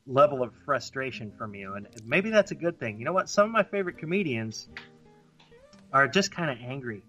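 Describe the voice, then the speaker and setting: A man co-hosts a relaxed comedy podcast, his voice bright and forward. He muses aloud and often trips into restarts. Soft music plays faintly behind him. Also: mid-range voice. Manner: musing, hesitant, halting restarts. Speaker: podcast co-host. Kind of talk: casual comedy chat.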